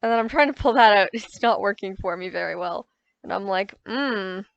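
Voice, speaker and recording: A woman's voice: mid-range voice, fairly quick, vocal fry, no echo, lo-fi sound. Woman gamer doing a casual, self-correcting voice-over. Close mic, dry and plain. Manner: rambling, self-correcting, recounting frustrations. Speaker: gaming YouTuber. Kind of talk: casual gameplay voice-over commentary.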